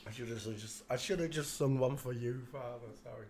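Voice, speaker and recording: A man's voice: mid-range voice, huge pitch swings, very slow, pauses often, a bit bright, faint music behind. An older man with a chesty cough, hosting a live stream from a room at home. He chats and preaches in a rambling, apologetic way and breaks off to cough.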